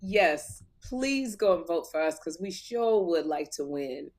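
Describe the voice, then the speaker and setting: Woman cohost chatting on a podcast, laughs a lot, gets loud when she tells a story. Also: lowish voice, lively intonation, a little slow. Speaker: podcast co-host. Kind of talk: casual chat.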